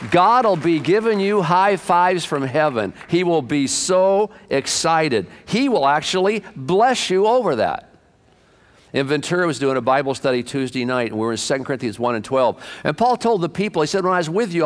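A man preaching a conversational sermon in church, asking the congregation questions and joking about himself. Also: fairly high pitch. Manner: self-deprecating and candid. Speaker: pastor. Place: church sanctuary.

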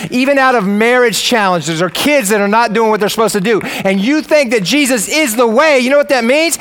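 High-voiced man preaching with swings in volume. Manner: dynamic preaching, swings from loud emphatic to low and quiet, casual slang. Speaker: pastor. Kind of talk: sermon.

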